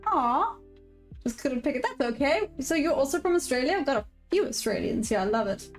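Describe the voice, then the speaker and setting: A woman's voice: sits high, expressive, a little fast, soft background music. A woman from Africa, chatting casually on a trading livestream, reading viewer comments aloud and laughing often. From South Africa. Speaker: day-trading livestream host.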